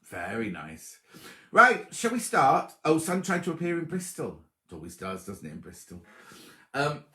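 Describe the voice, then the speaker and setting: A man's voice: mid-range voice, wildly swooping pitch, moderate pace, sharp tone. A man hosting a sewing livestream, chatting casually and teasing as he greets viewers by name. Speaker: sewing show host. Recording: roomy echo.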